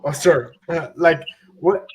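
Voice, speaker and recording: A man's voice: a little high, measured pace. A man from Ontario with a Canadian accent, chatting casually on a live stream with a rambling, laughing delivery. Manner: rambling, laughing, many fillers. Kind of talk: casual chat.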